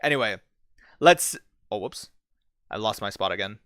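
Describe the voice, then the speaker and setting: Profane animated male streamer, dry mic. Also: lowish voice, normal speed, clean tone, dry recording. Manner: profane, animated, storytelling with dramatic hushed build-ups. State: bit his cheek, sore mouth. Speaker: livestream host reading chat. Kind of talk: casual livestream chat.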